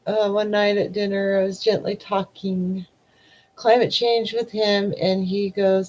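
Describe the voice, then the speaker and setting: A woman's voice: mid-range voice, fairly even intonation, measured pace, rough recording. A woman in her forties hosting a casual live stream, reading viewer comments and rambling emotionally, often trailing off. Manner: rambling, emotional, trails off with repeated "I don't know". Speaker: livestream host.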